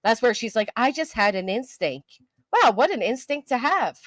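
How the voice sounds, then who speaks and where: A woman's voice: fairly high pitch, big pitch swings, normal speed, a bit bright, no room sound, clean studio sound. An older woman hosting a casual live-stream commentary, chatty and self-mocking, answering her chat as she goes. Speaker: YouTube commentary host.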